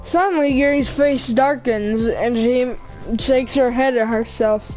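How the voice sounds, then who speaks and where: High-voiced woman reading a visual novel. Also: unhurried, a little mellow, faint music behind, low-quality recording. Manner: casual, self-correcting, apologizes to viewers. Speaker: YouTuber.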